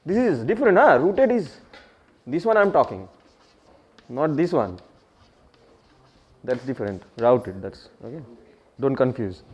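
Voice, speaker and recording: In a dull, lo-fi classroom recording, a man with an Indian English accent teaches English, dropping into Hindi to explain words. His medium-pitched voice is very animated, unhurried, slightly mellow and husky, with frequent pauses as he explains meanings, quizzes the class, and repeats key phrases.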